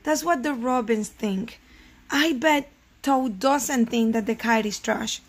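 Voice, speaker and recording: A woman teaching first graders a reading lesson, asking questions gently and switching into Spanish now and then. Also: fairly high pitch, takes it slowly. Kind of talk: remote reading lesson for children.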